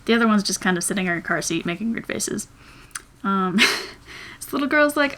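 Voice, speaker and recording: A woman in her twenties, a vlogger chatting casually while she draws, rambling and thinking out loud. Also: medium pitch, expressive, normal speed, long pauses. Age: 20s. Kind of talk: casual chat while drawing.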